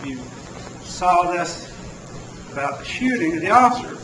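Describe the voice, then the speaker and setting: A man's voice: high-pitched, expressive, measured pace. A man cross-examining a witness in a courtroom, asking pointed, pressing questions. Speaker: defense attorney. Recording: echoey courtroom audio from far off, with noise.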